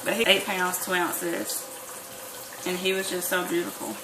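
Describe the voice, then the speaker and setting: A woman's voice: lowish voice, level tone, normal speed, noisy background. A woman telling a personal story in a casual vlog, chatty and full of fillers and restarts. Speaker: vlogger. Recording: echoey room.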